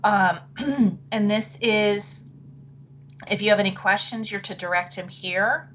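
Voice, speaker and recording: A middle-aged woman leads a live online session for teachers over a computer mic. She talks in a chatty, apologetic way and thinks aloud as she clicks through. Her voice wavers, she keeps clearing her throat, and a faint hum sits behind her. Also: medium pitch, slow pace, a bit bright. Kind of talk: live webinar presentation.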